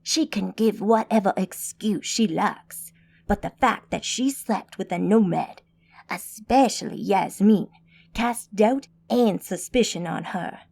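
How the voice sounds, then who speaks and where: A man's voice: high-pitched, slow pace, vocal fry, darkish tone, exaggerated voice. A woman narrator voicing a hostile, suspicious male mage who talks scornfully, in an audiobook. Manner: scornful, accusing.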